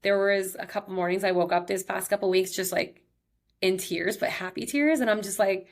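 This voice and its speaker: A woman's voice: mid-range voice, flat delivery, normal speed, creaky. Chatty woman podcaster in her thirties. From Texas. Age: 30s. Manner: chatty, heavy use of "like", emotional and upbeat. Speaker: podcast host. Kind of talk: casual personal storytelling monologue.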